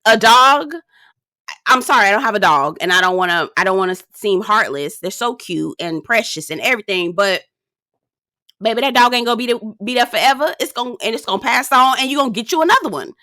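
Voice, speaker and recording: A woman giving a sassy, animated recap and review of a reality dating show. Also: mid-range voice, fast talker, no room sound, clean studio sound. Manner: sassy, animated, drops into quoted voices. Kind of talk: casual commentary recap.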